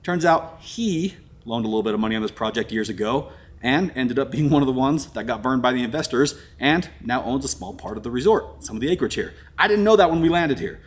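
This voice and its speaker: A man hosts an exploring vlog with a husky, slightly breathy voice at an ordinary pitch. He tells his story casually and gets excited, dropping "dude" and "crazy" often. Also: brisk. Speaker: vlogger host. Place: abandoned resort building, indoors.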